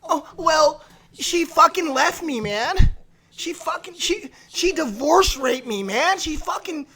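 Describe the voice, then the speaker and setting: Dude mocking a sad dumped guy, whiny and high, mumbly and slow, real pathetic. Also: expressive, bright, forceful tone, exaggerated voice. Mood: whiny sulking. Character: whiny heartbroken dumped man, self-pitying.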